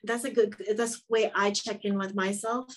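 Woman guest, casual podcast talk, reflective and rambling, mid pitch. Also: level tone, normal speed, poor audio. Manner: reflective, rambling with many fillers. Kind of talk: casual conversation.

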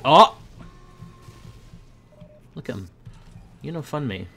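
Young guy gaming commentary, goofy, yelps high when stuff happens, bright voice. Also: slow, gravelly. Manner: playful, bursts into high-pitched yells when excited. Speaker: gaming video host. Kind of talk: casual gameplay commentary.

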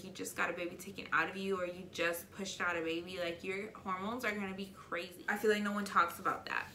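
A woman's voice: on the low side, bright, forceful tone, echoey room, a little hiss or hum. A young woman chatting candidly in a casual question-and-answer vlog, emotional and chatty, with many fillers. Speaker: beauty vlogger.

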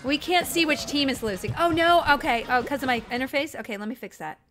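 A woman's voice: high-pitched, fast, soft background music. A woman live-streaming a video game, chatting casually and yelping and swearing at what happens on screen. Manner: excitable, yelps and swears at the game.

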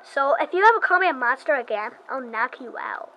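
A woman voicing a haughty masked teen idol girl from a video game, speaking loudly and indignantly. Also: high voice, lively intonation, fairly quick, rough recording. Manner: indignant, loud and vain.

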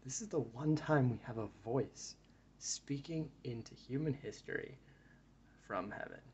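A man's voice: mid-range voice, a little slow, dull audio, slight background noise. A man giving a reflective Bible study talk, reading verses aloud and then musing on them in a thoughtful way. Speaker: Bible teacher.

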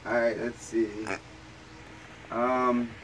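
A woman's voice: very deep voice, little pitch movement, very slow, very noisy. A woman calling out playful commands in a casual home video, often breaking into laughter. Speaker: adult playing a game with children. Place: home, indoors.

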